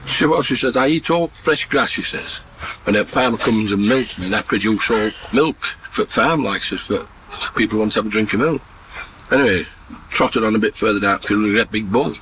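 Blunt farmer outdoors. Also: male voice, fairly low pitch, a little fast, fairly bright tone, low-quality recording. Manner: blunt, earthy joke-teller who laughs at his own punchlines. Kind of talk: telling rural jokes outdoors. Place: outdoors on a farm in mud and mist. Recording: field recording with background noise.

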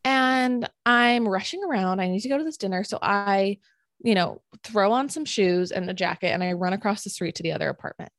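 A woman's voice: medium pitch, brisk, no room sound. Chatty woman telling a story, dry sound. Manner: animated, filler-heavy retelling with many "like"s. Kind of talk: casual storytelling chat.

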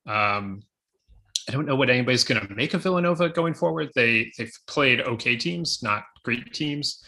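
A man co-hosting a podcast, talking casually with quick asides. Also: medium pitch, lively intonation, gravelly, bright, forceful tone. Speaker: podcast co-host. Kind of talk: casual sports chat.

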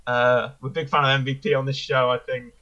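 A man with a medium-pitched, level voice co-hosts a casual wrestling review podcast, speaking quickly in a bright, forceful tone. The sound is lo-fi, and he rambles enthusiastically, correcting himself as he goes.

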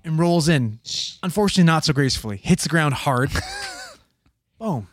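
A slightly high-voiced young man speaks at a moderate pace, telling a wild paramedic work story. He's casual and profane, animated as he acts out everyone in the story.

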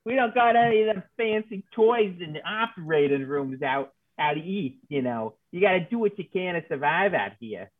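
A man's voice: high voice, lively intonation, normal speed, hardly any pauses, dry recording, voice pushed up. A man voicing a folksy male mountain hermit who makes hooch, with a drawling frontier way of talking. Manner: drawling frontier talk, rough grammar. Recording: tinny phone-like call line.

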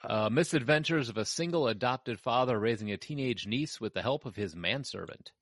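A man's voice: mid-range voice, expressive, a little fast, fairly bright tone, no room sound, studio quality. A man hosting a casual podcast chat, reading out film credits and trailing off mid-sentence. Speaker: podcast host.

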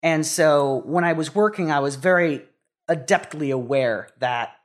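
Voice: medium pitch, unhurried. A young adult talking in a casual conversation, hesitant and full of restarts. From United States. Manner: hesitant, many restarts and fillers.

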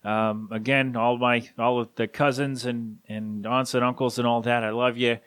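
A man, in his thirties, hosting a solo podcast and speaking haltingly with grief, his voice catching as he rambles through a tribute. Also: mid-range voice, flat delivery, a bit bright, dry recording. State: grieving, voice catching. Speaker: podcast host.

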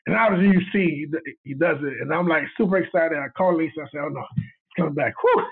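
A man, a video director, tells a story in casual chat, animated and laughing as he acts out what people said. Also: fairly high pitch, quick pace, husky. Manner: animated, laughing retelling with quoted dialogue. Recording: tinny phone line.

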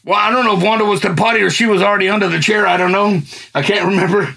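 A middle-aged man telling a personal faith testimony in colloquial, excitable storytelling that swells into fervent near-shouting. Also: high-pitched, racing, creaky, breathy edge. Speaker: guest giving a testimony.

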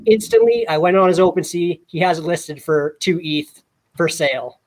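A man co-hosting a casual podcast, telling a story in an animated way with many repeated words. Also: a little high, moderate pace. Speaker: podcast co-host.

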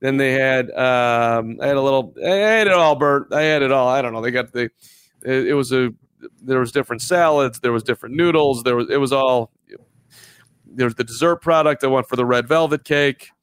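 A man's voice: medium pitch, a little fast, fairly bright tone, clean tone. A man co-hosting a live baseball podcast, telling stories in a rambling way and repeating himself. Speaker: podcast co-host. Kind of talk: casual live podcast chat.

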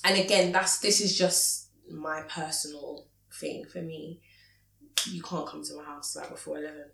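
A woman, loud and very expressive, laughing often as she chats. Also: deep voice, normal speed, vocal fry, echoey room, background noise. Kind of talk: casual chat.

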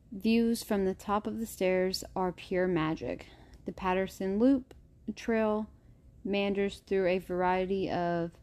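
A woman's voice: mid-range voice, warm tone. Chatty woman hosting a podcast. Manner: chatty, stumbles over names, laughs easily. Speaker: podcast host. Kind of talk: casual podcast chat.

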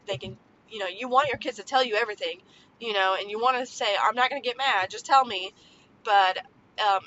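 Her voice is medium in pitch but bright and forceful as she, a podcast host in her thirties, chats about parenting in a loose, filler-heavy way. Faint background noise sits under the slightly dull lo-fi sound.

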